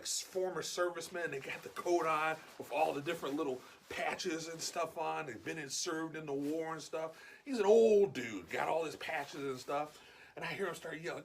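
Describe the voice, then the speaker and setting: A man's voice: a little high, slight background noise. A man casually telling an anecdote in a chatty way, acting out the dialogue as he goes. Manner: animated, chatty, full of "like" and acted-out quotes. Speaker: guest storyteller.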